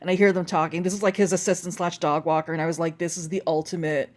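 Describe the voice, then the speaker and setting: A woman guest on a podcast, telling animated stories in casual chat and filling her talk with "like". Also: on the low side, quick pace. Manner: animated storytelling, lots of "like".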